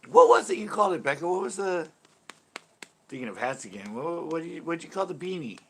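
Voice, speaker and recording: A man's voice: on the high side, lively intonation, quick pace, slight background noise. A man hosting a fishing channel livestream, chatting casually with viewers in a rambling, laid-back way and laughing easily.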